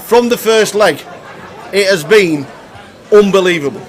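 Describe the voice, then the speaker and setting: A man's voice: high-pitched, a little slow. A man hosting a poker live stream, rambling jovially through thank-yous and repeating himself. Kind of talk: live stream presenting and thank-you speech. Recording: loud crowd around the mic. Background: crowd noise.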